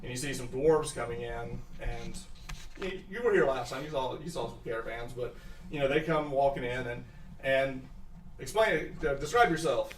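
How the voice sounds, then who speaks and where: A man's voice: mid-range voice, moderate pace, reverberant, far from the mic, slight background noise. A man narrating a tabletop game as game master, laughing often and breaking into voices for the townsfolk.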